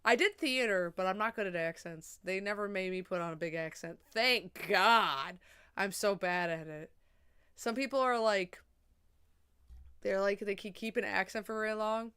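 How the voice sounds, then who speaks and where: A young woman chatting casually on a livestream, rambling and swearing, a little drunk and high. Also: normal speed, a bit bright, smooth.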